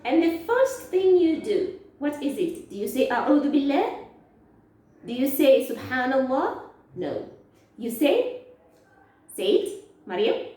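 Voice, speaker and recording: A woman teaching a lesson to children, speaking slowly, asking questions and answering them herself. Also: sits high, big pitch swings, dark tone. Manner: slow, drawn-out, asks questions and answers them. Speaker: Islamic studies teacher. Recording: echoey, from far off.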